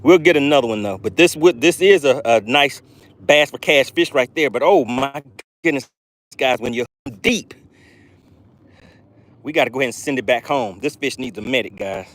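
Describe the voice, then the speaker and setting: A man hosting a live fishing stream from a boat, excitedly talking to his viewers and reading their chat aloud. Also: mid-range voice, moderate pace. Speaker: fishing channel host. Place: on a boat on open water. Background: jet skis and outdoor ambience.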